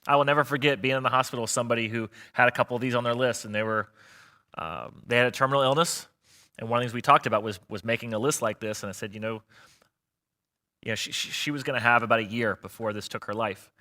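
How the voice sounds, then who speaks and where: A man's voice: medium pitch, steady tone, fast, pushed and bright. A male pastor giving a sermon in a conversational, earnest way, with frequent fillers and restarts. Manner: conversational, earnest preaching with fillers and repeated words.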